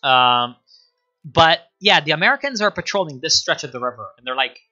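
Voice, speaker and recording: A man's voice: on the high side, animated, brisk, bright, forceful tone, dull audio. A man streaming a rambling, sardonic history chat, full of fillers and asides. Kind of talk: casual history talk on a live stream.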